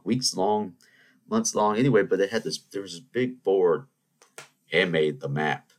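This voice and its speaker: Deep-voiced young man telling rambling stories. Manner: meandering, many restarts and asides. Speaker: podcast host. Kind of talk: rambling anecdotal storytelling.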